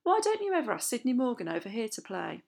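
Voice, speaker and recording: A woman playing a gentle, joking father in a storybook reading. He teases lightly and coaxes his son with easy encouragement. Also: on the high side, wildly swooping pitch, quick pace, creaky, heavily acted. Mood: wry gossip. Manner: warm, teasing, gently encouraging. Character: kind, joking middle-aged father.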